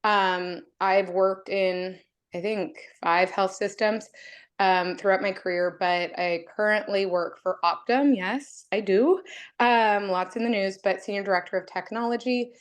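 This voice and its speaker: A woman's voice: mid-range voice, steady tone, measured pace. Earnest woman on a video call. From Oregon, USA. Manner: earnest, emotional and apologetic. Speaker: committee member. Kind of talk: introducing herself in an online meeting.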